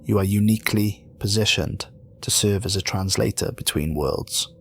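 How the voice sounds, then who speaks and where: A man voicing a calm, commanding archangel who speaks gently but with solemn, measured authority. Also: on the low side, creaky, slight background noise. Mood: gentle.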